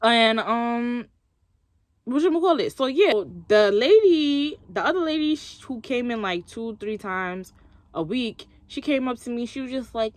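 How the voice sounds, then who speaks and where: A woman's voice: a little high, animated, normal speed, dry recording. A young woman vlogging, chatting expressively as she tells a story and acts out what others said. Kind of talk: casual storytelling to camera.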